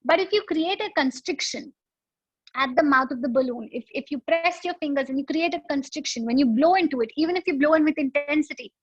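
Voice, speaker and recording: A woman's voice: sits high, a little fast, no room sound, lo-fi sound. A woman yoga instructor guiding a breathing exercise, explaining patiently with analogies and demonstrations.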